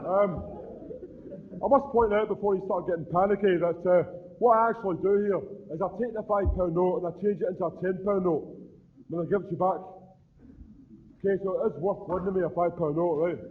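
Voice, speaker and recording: A man's voice: sits high, steady tone, fairly quick, narrow, tinny audio. A man with a Scottish accent doing a stand-up comedy routine, ranting in a profane and sardonic way. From Scotland.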